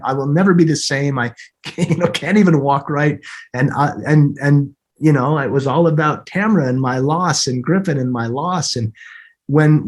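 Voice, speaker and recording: A man in his fifties, a podcast guest, telling an emotional personal story in an earnest way, often repeating words and laughing softly. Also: fairly high pitch. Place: home, snowing outside.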